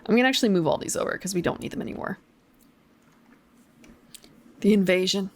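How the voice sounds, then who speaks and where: A young woman streams herself reading a gamebook aloud, in a voice of ordinary middle pitch. She breaks off into chatty, giggly, self-deprecating remarks. Her tone stays casual throughout. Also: a little fast, slight background noise.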